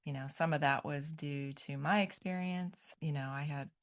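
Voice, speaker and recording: A middle-aged woman, a grandmother, talking as a podcast guest in a gentle, thoughtful way, often pausing to find her words. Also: low-pitched, fairly even intonation. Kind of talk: reflective podcast conversation.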